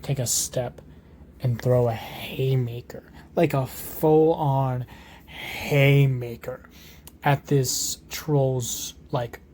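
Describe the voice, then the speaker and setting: A man's voice: medium pitch, fairly even intonation, very slow, darkish tone, a little hiss or hum. A man improvising a fan story, rambling on with lots of fillers, restarts and swearing.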